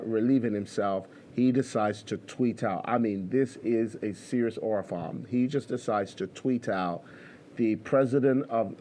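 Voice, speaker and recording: A man's voice: mid-range voice, darkish tone, a little hiss or hum. A man hosting a podcast, talking in a loose, chatty way with many fillers and restarts. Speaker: podcast host. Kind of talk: casual commentary.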